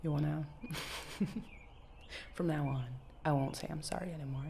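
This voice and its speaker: A woman in a whispered role-play as an anxious actress girlfriend, soft-spoken and rambling, laughing often. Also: low-pitched, steady tone, measured pace, creaky, a little hiss or hum.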